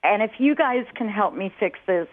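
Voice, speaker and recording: A sheepish, flustered woman in her forties phones in to a radio chat show, and her voice comes through a thin, tinny phone line. She talks in an ordinary middle register, hesitant and apologetic, then turns lively when she recounts events. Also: medium pitch, moderate pace. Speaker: caller.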